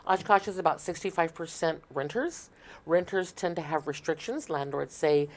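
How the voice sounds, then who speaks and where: A woman's voice: sits low, moderate pace. Earnest Midwestern woman explaining at length. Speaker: shelter marketing manager, guest. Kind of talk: casual interview talk.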